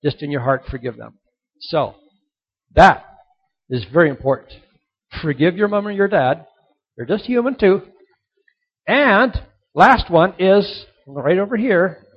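A middle-aged man giving a motivational sermon to young people, emphatic and repetitive, sometimes dropping to a soft earnest tone. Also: sits high, animated, a little slow, long pauses, husky. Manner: emphatic, repeats key points, drops to soft earnest tones. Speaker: youth speaker. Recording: dull lo-fi recording.

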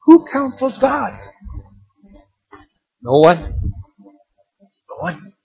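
Animated preacher man, lo-fi recording. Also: very high voice, extremely slow, gravelly, slightly rough. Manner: animated, rising to emphatic shouts on key lines. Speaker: pastor. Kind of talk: sermon with told jokes. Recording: dull lo-fi sermon recording.

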